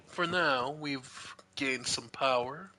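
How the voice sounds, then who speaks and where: A man playing a game on stream, calmly commenting and reading game text aloud. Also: mid-range voice, slow pace, noisy background. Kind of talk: let's play commentary.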